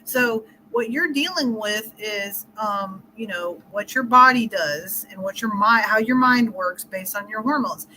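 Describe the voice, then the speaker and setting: Bright-voiced chatty woman coach. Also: mid-range voice, a little slow, hardly any pauses, slight background noise, poor audio. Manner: chatty, explains with scenarios and laughs often. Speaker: relationship coach. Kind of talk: casual interview talk.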